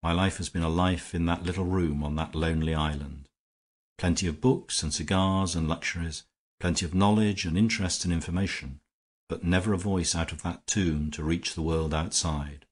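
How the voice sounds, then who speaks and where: A man voicing a clever, weary English gentleman with a dry, ironic manner, in an audiobook reading. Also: low voice, fairly even intonation, normal speed, slightly rough. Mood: resigned.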